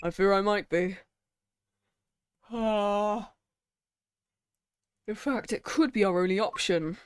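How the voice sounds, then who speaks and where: A woman voicing a stiff, formal male prosecutor who speaks in a measured, dry way. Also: medium pitch, a little hiss or hum, lightly acted. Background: faint game music.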